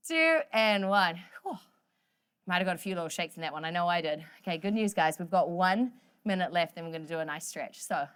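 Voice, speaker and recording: Upbeat woman coaching a workout. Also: on the low side. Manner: upbeat, joking, counts down reps. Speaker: fitness instructor.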